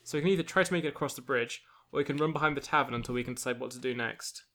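Racing along in a bright, forceful, medium-pitched voice, a man game-masters a choose-your-own-adventure book for friends. He keeps the reading steady yet drops in side comments with laughs, all in a casual tone.

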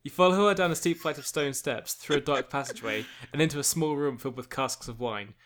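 A man's voice: mid-range voice, fairly quick, fairly bright tone. A man narrating a choose-your-own-adventure book to friends as game master. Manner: reads steadily, aside comments with laughter. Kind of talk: casual narration of a gamebook with friends.

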